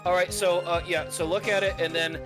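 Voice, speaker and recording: Man, streamer, casual hesitant game chat, slightly high voice, music behind. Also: flat delivery, a little fast. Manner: hesitant, thinking aloud with fillers.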